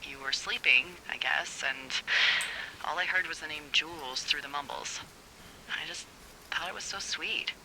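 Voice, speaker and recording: A breathy, teasing lookout boss. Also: female voice, low voice, normal speed, pushed and bright, slight background noise, heavily acted, low-quality recording. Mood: confiding. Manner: playful, teasing banter. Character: teasing, witty woman fire lookout boss on a radio. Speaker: video game character.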